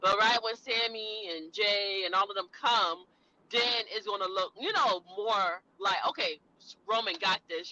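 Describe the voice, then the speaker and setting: A woman's voice: medium pitch, sharp tone. A woman co-hosting a podcast, talking in a loose, chatty, emphatic way. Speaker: podcast co-host. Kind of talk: casual chat. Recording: dull lo-fi audio.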